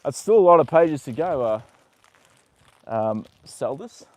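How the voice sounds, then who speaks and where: This livestreamer has a fairly high, expressive voice and speaks a little slowly, captured in a dry recording. Caring for his horse's injured leg, he keeps up a loose stream of muttering and cursing, addressing the audience and the animal alike.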